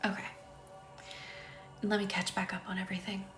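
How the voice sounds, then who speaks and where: A woman in her thirties leads spoken affirmations on a live stream, gentle and chatty, and keeps pausing to thank people in the chat. Her voice sits at a middling pitch. She talks into a computer mic in an echoey room with faint music behind her. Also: level tone. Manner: gentle, chatty, often breaking off to read comments. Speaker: healing coach hosting a live session.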